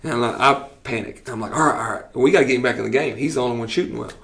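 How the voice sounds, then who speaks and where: A man, a coach telling lively stories on a podcast and acting out what people said. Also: medium pitch, rapid-fire, creaky. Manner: animated storyteller who acts out quotes with laughs. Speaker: football coach and teacher.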